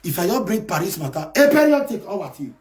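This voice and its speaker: A man with a Nigerian accent ranting on a live stream, shouting, scolding and taunting. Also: high-pitched, big pitch swings, fast. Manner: shouting, scolding and taunting in Pidgin-laced English. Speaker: live video host. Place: abroad in France.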